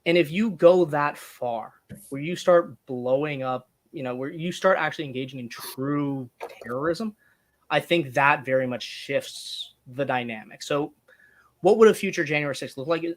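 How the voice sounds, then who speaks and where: A man's voice: on the high side, normal speed. A man talking as a guest in a casual interview, thinking aloud with restarts and small laughs. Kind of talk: casual conversation.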